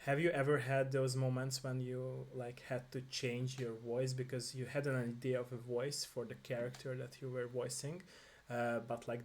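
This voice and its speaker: Hesitant man host asking questions. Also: mid-range voice. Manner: hesitant, many fillers, repeats agreement words. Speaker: interview host. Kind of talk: casual interview questions.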